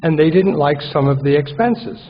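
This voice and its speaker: A man with a slightly high voice and lively intonation speaks at a moderate pace, giving a wry recovery talk at an AA conference in a large hall. He tells a story and acts out his own inner voice. The recording is muffled, with a little hiss or hum.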